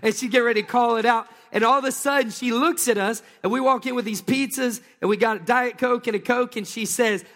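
A man, preaching a sermon in a folksy storytelling way that rises into excited bursts. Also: extremely high pitch, brisk, few pauses. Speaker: pastor. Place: church sanctuary. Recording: long hall reverb.

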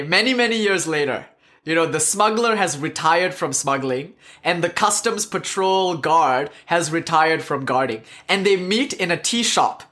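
A man's voice: sits high, pushed and bright. Joking man telling spiritual stories. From South India. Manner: joking, conversational, laughs often. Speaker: spiritual teacher. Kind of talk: casual spiritual talk with stories.

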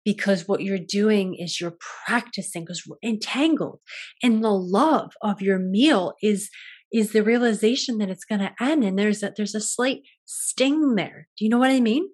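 A young adult woman talks alone as host of a wellness show, gentle and contemplative. She lingers over her thoughts and restarts her phrases often. Her pitch sits in a middle range for a woman. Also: normal speed, husky. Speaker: yoga and wellness podcast host. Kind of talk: reflective solo talk.

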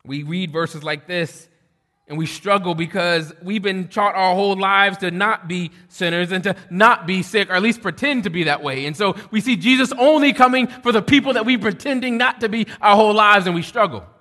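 A middle-aged man preaching a sermon, shifting between loud preaching and quiet storytelling. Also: sits high, normal speed. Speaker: pastor. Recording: long hall reverb.

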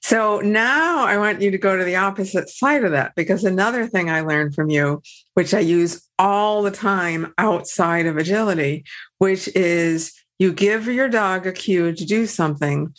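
A woman's voice: medium pitch, measured pace. A woman interviewer, enthusiastic and affirming, asking a trainer about her methods. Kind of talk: conversational interview.

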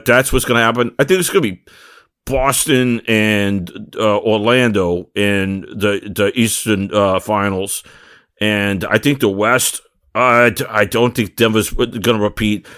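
A man's voice: fairly low pitch, a bit bright, no echo, studio quality. A man on a casual basketball panel who stammers and restarts words while teasing his co-hosts. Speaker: sports talk panelist. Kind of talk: casual sports chat.

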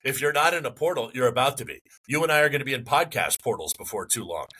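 Male podcast co-host, bright and forceful voice, rambling sports rant with mock outrage. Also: medium pitch, lively intonation, quick pace, breathy edge, low-quality recording. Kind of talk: casual sports chat.

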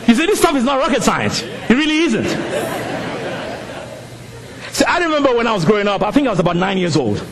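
A middle-aged man, not a native English speaker, preaching a sermon with animated storytelling that rises to shouts. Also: extremely high pitch, brisk, long pauses, crowd noise. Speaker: pastor.

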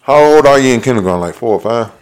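A man's voice: medium pitch, expressive, rapid-fire. A Southern man around forty from Mississippi, teasing and playful in casual sports banter, often talking over others. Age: 40s.

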